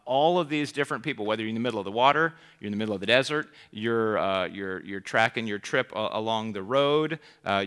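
A man's voice: on the low side, bright, forceful tone. A man preaching a sermon in a conversational, rambling way, full of restarts and rhetorical questions.

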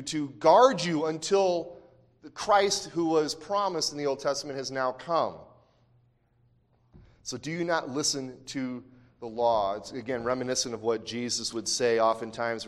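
A man's voice: mid-range voice, moderate pace, a bit bright. A man preaching an expository sermon as pastor, in a conversational way with frequent fillers and restarts. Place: church sanctuary. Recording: long hall reverb.

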